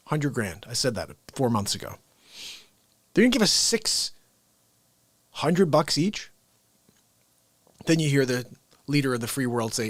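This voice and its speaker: A man's voice: mid-range voice, animated, normal speed, long pauses, dry recording. A man hosting a live show, delivering an exasperated satirical comedy rant. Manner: exasperated ranting.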